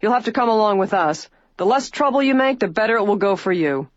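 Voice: mid-range voice, expressive, fast, dry recording, dull audio, voice pushed up, lightly acted. Barking stern male trooper, as a reader puts him on. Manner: barking, curt orders.

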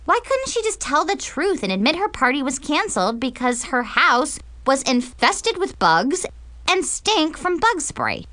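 Expressive sarcastic woman narrator. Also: sits high, measured pace, no room sound. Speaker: audiobook narrator. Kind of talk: first-person audiobook narration of a teen diary.

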